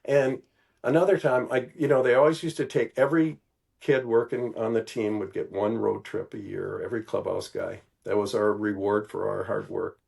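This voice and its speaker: An older man from Milwaukee, telling stories as a podcast guest in an animated, casual way, peppered with "you know". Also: lowish voice, moderate pace, gravelly, husky. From Milwaukee, Wisconsin. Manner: animated, acts out quoted voices, many "you know"s. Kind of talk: casual storytelling.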